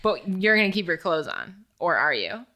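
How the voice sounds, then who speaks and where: A woman's voice: lowish voice, sing-song, moderate pace, pushed and bright. A woman hosting a podcast, chatting casually in a playful, jokey way. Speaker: podcast host. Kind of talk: casual interview chat.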